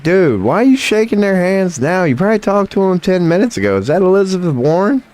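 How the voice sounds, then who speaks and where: A man's voice: high voice, sing-song, brisk, darkish tone. A man hosting a livestream and giving joking, trolling reaction commentary with drawled asides. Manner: crude, joking, trolling banter; drawling interjections like "come on now, man". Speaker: livestream host.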